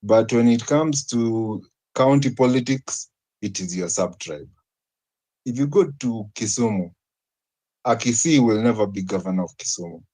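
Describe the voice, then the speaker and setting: A Kenyan-accented man argues his point in a panel debate. His tone is mellow and warm, and he is earnest and argumentative, leaning on rhetorical questions. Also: lowish voice, animated, moderate pace, poor audio. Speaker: debate participant.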